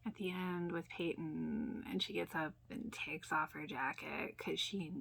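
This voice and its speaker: A woman hosting a casual TV rewatch reaction, chatty and full of fillers, often sinking into soft near-whispers and laughing often. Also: on the low side, steady tone, a little slow, vocal fry. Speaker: YouTube reaction host.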